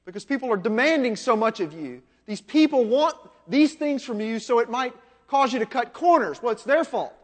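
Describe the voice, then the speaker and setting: A man's voice: extremely high pitch, lively intonation, normal speed, in a large hall. A man pastor preaching a sermon in a conversational way, asking his listeners rhetorical questions.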